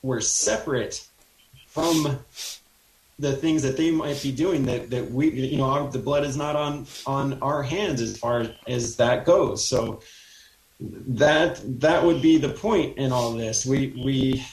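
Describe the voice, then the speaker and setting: A male guest on a talk radio show speaks haltingly, stopping often and restarting his sentences. His voice is mid-pitched and picks up a noticeable roomy echo. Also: a little hiss or hum. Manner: halting, hesitant, many restarts. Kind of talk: casual talk radio conversation.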